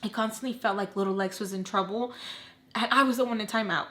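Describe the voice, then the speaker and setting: A young woman telling an emotional personal storytime in casual chat, swinging from quiet to loud, animated and cursing. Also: medium pitch, fast talker, roomy sound. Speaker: storytime vlogger.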